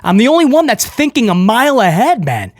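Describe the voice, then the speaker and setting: A man's voice: very high-pitched, very animated, brisk, no echo, clean studio sound. A man reviewing a wrestling show, ranting with frustration in an emphatic, opinionated way.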